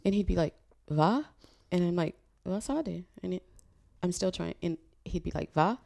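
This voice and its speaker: A middle-aged woman chatting casually as a guest, telling animated stories and acting out quotes with frequent laughs. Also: lowish voice, a little fast, creaky. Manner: animated storyteller, acts out quotes, laughs often. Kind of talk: casual podcast chat.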